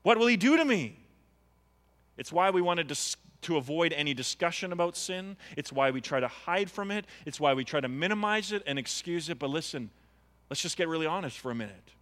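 Earnest preacher with ringing bright voice. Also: male voice, a little high, brisk, long reverb tail. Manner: earnest, pleading, rising to impassioned appeals. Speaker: pastor. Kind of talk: sermon. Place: church.

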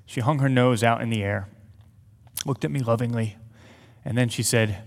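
A man's voice: medium pitch, normal speed. A man giving an earnest sermon to an audience, telling a personal story with light humorous asides. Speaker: speaker to an audience. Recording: long hall reverb.

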